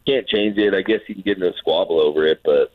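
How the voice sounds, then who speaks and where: A former player tells baseball stories in casual radio-show chat, his voice sitting low and his speech fast. Animated, he acts out what people said and repeats words with lots of restarts. The sound is narrow and phone-like, with no echo.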